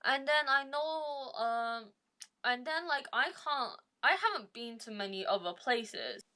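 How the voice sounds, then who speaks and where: A woman's voice: sits high, lively intonation, measured pace, sharp tone, clear, resonant tone. A woman from England with a Birmingham accent, chatting casually on a live call and hesitating with many fillers. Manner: hesitant, full of "like" and restarts. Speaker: guest speaker.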